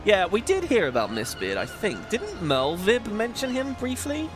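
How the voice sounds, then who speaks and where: A man's voice: high voice, huge pitch swings, moderate pace. A man hosting a casual gaming video, chatting and rambling as he plays and sometimes laughs. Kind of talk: casual let's-play commentary. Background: game music.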